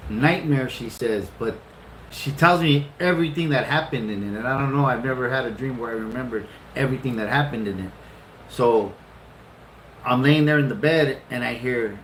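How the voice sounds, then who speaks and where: A middle-aged man casually telling a long, funny story, swearing freely and jumping up in pitch for retold lines. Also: a little hiss or hum. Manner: animated, profane, laughing often, jumps into high-pitched retellings. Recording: roomy echo.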